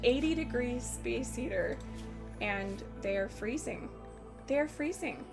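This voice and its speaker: A woman's voice: a little high, expressive, unhurried, creaky, music in the background. A young woman, a mother, chatting casually beside a gameplay stream at home, sounding tired and yawning. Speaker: co-host. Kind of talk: casual chat.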